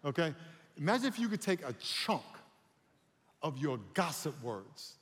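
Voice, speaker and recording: A man preaching a sermon as pastor, animated and calling on the congregation to respond. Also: on the high side, measured pace, in a large hall.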